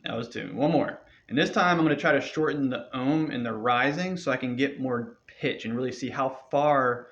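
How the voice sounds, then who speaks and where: A man's voice: mid-range voice, normal speed, few pauses, noisy background. Casual rambling man teaching meditation. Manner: loose, rambling, encouraging, with many fillers. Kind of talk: casual spoken instruction. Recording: dull lo-fi sound.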